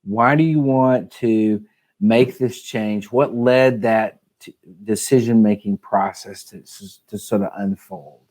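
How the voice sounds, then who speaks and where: A man answering questions as a medical school admissions advisor, speaking in a measured, explanatory way with frequent "you know"s and "uh"s. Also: lowish voice, a little mellow. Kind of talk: casual advice podcast chat.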